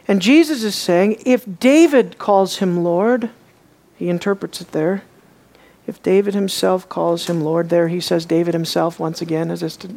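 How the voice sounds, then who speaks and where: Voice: mid-range voice, vocal fry, a little mellow. A preacher giving an expository sermon in a conversational way, asking the audience many rhetorical questions and repeating phrases for emphasis.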